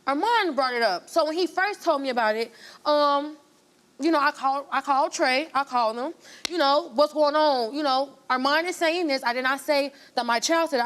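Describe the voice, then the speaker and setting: High-voiced woman telling her story. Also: slight background noise. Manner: animated, acts out quoted voices. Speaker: guest. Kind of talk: talk show testimony.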